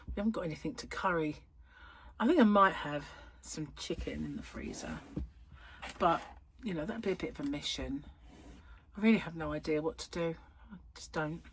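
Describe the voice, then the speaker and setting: A middle-aged woman chats away from her home. Her voice sits fairly low and has a husky, slightly breathy grain. She rambles through asides and laughs easily. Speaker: crochet channel host. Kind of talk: casual chat to camera. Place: at home, indoors.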